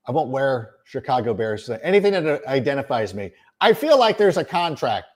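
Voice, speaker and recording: A middle-aged man hosts a sports podcast in an exasperated, sarcastic monologue. His fairly high voice leaps around with lively swings in pitch, and he leans hard on his words for emphasis. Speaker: podcast host. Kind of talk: ranting sports commentary.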